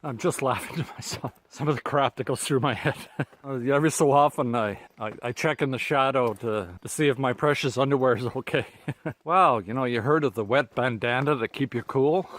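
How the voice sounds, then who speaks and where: A man's voice: mid-range voice, normal speed, a bit bright, dry recording. A man with a Canadian accent, talking casually to a handheld camera while hiking outdoors on a lakeside trail, chatty and chuckling often. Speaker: hiker vlogger. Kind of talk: casual vlog narration.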